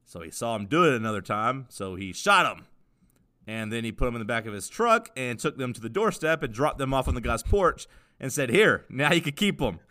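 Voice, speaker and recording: A man with a bright, ringing tone. He co-hosts a casual podcast, rambling and joking with plenty of fillers. His pitch sits in the middle range. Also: big pitch swings, brisk. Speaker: podcast co-host.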